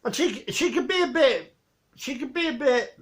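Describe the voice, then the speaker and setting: A man's voice: very high-pitched, animated, moderate pace. A man talking casually in a rambling vlog tribute, swearing mildly as he recounts things. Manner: rambling, mild swearing, restarts and fillers. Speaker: vlogger.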